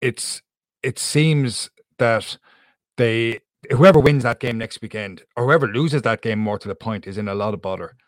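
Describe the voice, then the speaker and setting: A man's voice: medium pitch, moderate pace, no room sound, clean studio sound. A man hosting a sports talk, putting questions to his pundits in a conversational way. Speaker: host. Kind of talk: casual sports chat.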